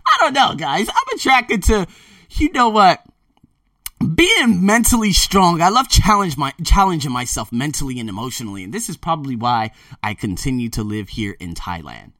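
A man talking casually to his viewers, emphatic and animated, often repeating himself. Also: on the high side, moderate pace, no room sound, studio quality, recorded from a distance. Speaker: vlogger. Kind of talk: casual monologue to camera. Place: Thailand.

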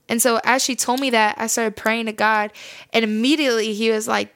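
A young woman hosting a faith podcast, telling a personal story in a casual, animated, slangy way with frequent laughs. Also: on the high side, normal speed, no room sound, studio quality. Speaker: podcast host.

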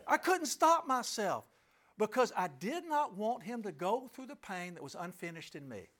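Middle-aged guy telling a story from the stage, high voice that swings all over, keeps asking the crowd "you get that?". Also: very animated, moderate pace, a bit bright. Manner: emphatic, with rhetorical questions to listeners. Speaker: speaker addressing an audience. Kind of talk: personal storytelling talk.

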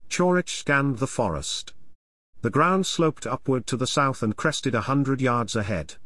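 A man narrating an audiobook in an expressive, measured storytelling manner. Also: mid-range voice, no echo.

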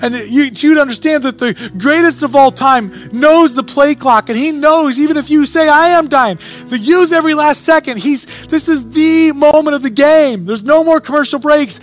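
Man, pastor, very high voice, animated sermon, soft music behind. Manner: animated preaching, sports metaphors.

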